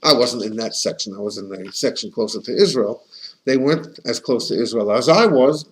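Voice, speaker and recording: In a low-quality recording, a rabbi gives a relaxed, conversational class, speaking a little fast in a mid-range voice. His style is chatty and story-driven, with frequent sentence restarts and scattered Yiddish and Hebrew terms.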